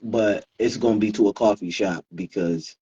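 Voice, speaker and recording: A man co-hosting a casual chat show, telling stories in a relaxed way with lots of fillers and laughs. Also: lowish voice, normal speed, breathy edge, dull audio. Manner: relaxed storytelling, laughs often, many fillers. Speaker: co-host.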